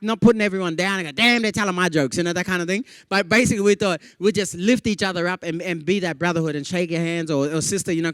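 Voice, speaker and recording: An Australian man with a fairly high voice delivers a stand-up style keynote, bouncing his delivery around as he acts out everyone in his anecdotes. He keeps checking in with the crowd with little "yeah?" tags, and the sound is dry and close. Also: clean tone, dry recording. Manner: animated, jumpy delivery with playful voices for quoted people; chatty, with frequent "yeah?" and "you know" tags. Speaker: comedian giving a conference keynote. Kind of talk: stand-up comedy storytelling to a live audience.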